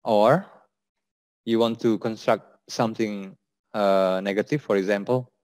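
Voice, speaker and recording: A man's voice: fairly low pitch, fairly even intonation, unhurried, darkish tone, dry recording. A man with an Indonesian accent teaching an English lesson, patiently repeating example sentences.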